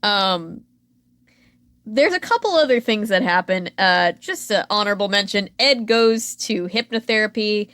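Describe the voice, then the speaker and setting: A woman's voice: medium pitch, lively intonation, a little slow, fairly bright tone, no echo. A woman co-hosting a podcast, recapping a reality show in a chatty, sarcastic way with frequent fillers. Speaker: podcast co-host.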